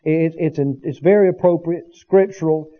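A man's voice: a little high, normal speed, highs cut off. A man preaching a sermon as pastor, building to emphatic bursts and asking the congregation for agreement. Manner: preaching with rising emphatic bursts and call-and-response asides.

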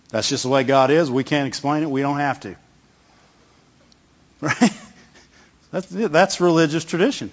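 A middle-aged man preaches a sermon in a loose, chatty way, often checking in with the congregation. His voice sits a little high for a man. The sound is dull and lo-fi, with a long reverb from a large church hall. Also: unhurried, long pauses. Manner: conversational, repeats words, asks the congregation "Amen?". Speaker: pastor.

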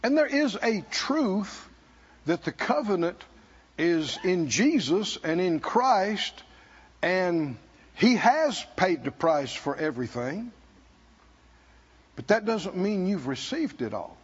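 A man preaching a sermon at a conference, emphatic and sometimes shouting, calling out to the congregation, in a dull lo-fi recording. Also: high-pitched, very animated, takes it slowly, breathy edge. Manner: emphatic, shouting at peaks, laughing, call-and-response.

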